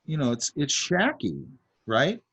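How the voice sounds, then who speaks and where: A man's voice: fairly high pitch, sing-song, unhurried, vocal fry, a bit bright, husky. A man teaching a drawing class, talking casually as he sketches, with lots of fillers and asides. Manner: talks while drawing, many fillers and asides. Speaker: art instructor.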